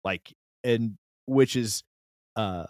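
A man's voice: on the low side, drawn-out words, a little mellow, no room sound, studio quality. A man in his fifties co-hosting a casual film podcast, analytical and thoughtful, with many filler "likes".

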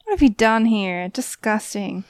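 A woman's voice: mid-range voice, measured pace, clean tone, dry recording. A woman co-hosting a casual comedic podcast, dropping mock-outraged quips and laughing often. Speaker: podcast co-host.

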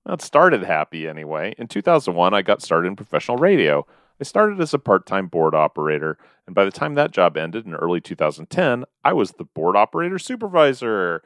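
A man co-hosting a podcast in casual, jokey banter, reading out listener names and mail with a slightly hoarse voice. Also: deep voice, very animated, a little fast, dry recording, studio quality. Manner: playful, jokey delivery with sudden loud bits. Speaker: podcast co-host.

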